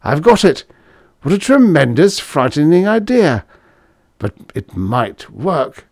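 A man voicing an excitable, impulsive man in a storybook reading. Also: mid-range voice, normal speed, no echo, clean studio sound, pitched above the performer's own voice, natural voice. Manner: excitable, exclaiming. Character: excitable, impulsive middle-aged man, frazzled android owner.

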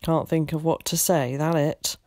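A woman reading aloud, voicing a gruff, terse older countryman who mutters curt remarks. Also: low-pitched, level tone, normal speed, darkish tone, no echo, clean studio sound, lightly acted.

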